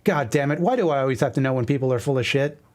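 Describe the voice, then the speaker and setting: A man's voice: mid-range voice, racing, a little mellow, natural voice. A man voicing a grumpy, cynical young man in a webcomic reading. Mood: sullen. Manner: sullen, muttering.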